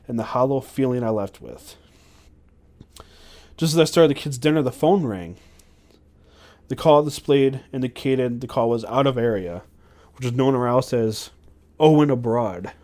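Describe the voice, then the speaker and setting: A man's voice: medium pitch, a little mellow. A man hosting a podcast, reading a memoir aloud with frequent stumbles and self-corrections. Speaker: podcast host.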